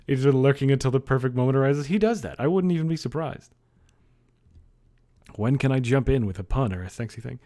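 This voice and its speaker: A man's voice: medium pitch, animated, normal speed, long pauses, warm tone. A young man streamer in casual livestream chat, joking and laughing often.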